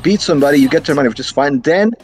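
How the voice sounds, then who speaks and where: A man's voice: a little high, rapid-fire, a little mellow, faint music behind. A man on a stream call, arguing defensively, talking over the host and restarting his sentences. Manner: defensive, talks over others, restarts often. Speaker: caller on a stream. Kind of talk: heated argument on a call.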